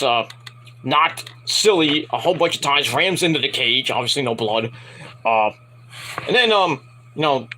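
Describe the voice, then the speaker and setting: A man's voice: fairly high pitch, pushed and bright, husky, poor audio. A man giving a casual, rambling wrestling review from home at night, profane and frustrated.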